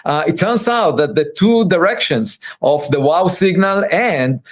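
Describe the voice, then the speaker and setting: Guy explaining science in an interview, slow careful, lots of uh pauses, kinda high voice. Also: lively intonation. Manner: measured, careful, many filler pauses.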